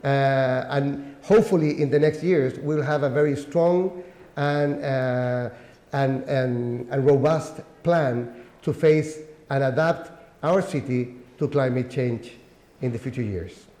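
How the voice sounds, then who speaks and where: A man's voice: mid-range voice, dark tone. Hesitant man, echoey room. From Chile. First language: Spanish. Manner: halting, frequent uhs. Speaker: regional governor, panelist. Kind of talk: panel remarks.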